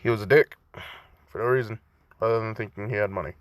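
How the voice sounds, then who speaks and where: A man's voice: lowish voice, steady tone, fast talker, no echo. A young man in his twenties casually rambling through a fan story retelling, profane and loose, full of fillers, at home by a cracked window.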